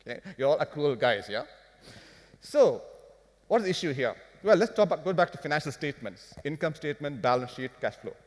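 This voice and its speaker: A man giving a live finance talk to an audience, animated and firing rhetorical questions at the crowd. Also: fairly high pitch. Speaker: business speaker. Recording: long hall reverb.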